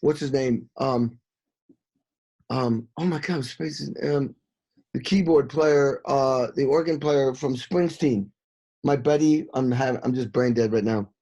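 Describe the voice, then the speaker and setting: A middle-aged man, a session drummer, telling animated stories in an interview, swearing freely and scatting drum beats. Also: medium pitch, measured pace, lo-fi sound.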